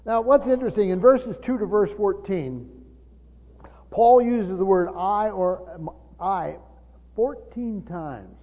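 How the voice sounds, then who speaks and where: An older pastor preaches a sermon in a high, expressive voice at a slow pace, teaching earnestly. He frequently restarts and repeats words. The audio is dull and lo-fi, with long church reverb.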